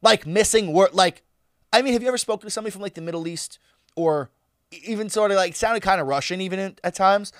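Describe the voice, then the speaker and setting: Animated, swearing male podcast co-host. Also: sits high, fast talker, no room sound, clean studio sound. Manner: animated, swearing, acts out quoted dialogue. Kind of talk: casual storytelling chat.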